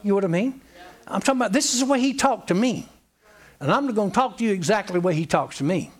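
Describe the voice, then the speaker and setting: A man with a high, sing-song voice preaches to his congregation. He swoops up and down through his pitch, drilling his points in with plain, homespun repetition. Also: expressive, quick pace. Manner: emphatic, repetitive and folksy. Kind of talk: sermon.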